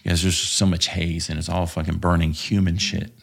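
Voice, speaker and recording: A man's voice: low voice, little pitch movement, brisk, gravelly, a little hiss or hum. A man guest on a podcast, telling a story in a casual, profane, laughing way. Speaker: podcast guest, former contractor.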